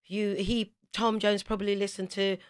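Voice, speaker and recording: A woman in her fifties from South London with a London accent, a singer chatting as a radio interview guest and telling lively stories with quick asides. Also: mid-range voice, clean tone. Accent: London English. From South London, England.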